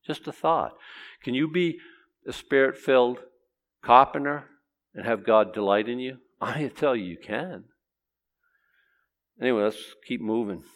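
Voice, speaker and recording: Medium-pitched and a little slow, with long pauses, this man leads a chatty Bible lesson. He asks the audience questions and dramatizes the passages he quotes.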